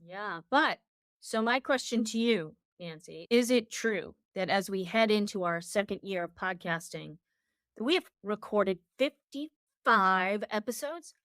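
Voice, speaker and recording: A woman's voice: medium pitch, lively intonation, a little slow, a bit bright, dry recording. Upbeat woman co-host on a chat podcast, mid-range voice, dry close mic. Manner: upbeat, brief agreeing replies.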